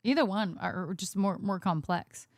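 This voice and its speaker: A woman's voice: mid-range voice, no room sound. Chatty woman livestreamer, dry sound. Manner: chatty, reads chat aloud, quick asides. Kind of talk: casual chat on a live stream.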